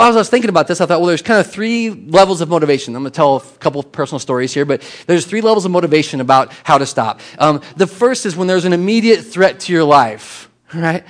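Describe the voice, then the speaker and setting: Storytelling pastor, casual and self-mocking. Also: male voice, a little high. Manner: conversational storytelling with self-deprecating humor. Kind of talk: sermon.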